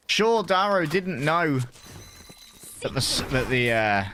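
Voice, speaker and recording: A man casting an esports match with quick, playful play-by-play commentary. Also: fairly high pitch, big pitch swings, noisy background. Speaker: esports caster.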